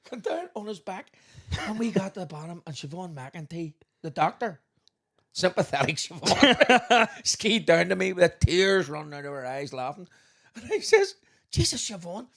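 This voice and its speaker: A man's voice: high-pitched, normal speed, creaky. A man, co-hosting a podcast and telling funny stories in a casual chat. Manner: animated storyteller, bursts of laughter. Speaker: podcast co-host.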